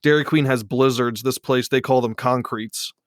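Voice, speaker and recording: A man's voice: mid-range voice, steady tone, no room sound, clean studio sound. A man with a Philadelphia accent, chatting casually as a podcast guest, often restarting his sentences. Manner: rambling, halting with restarts. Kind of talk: casual chat.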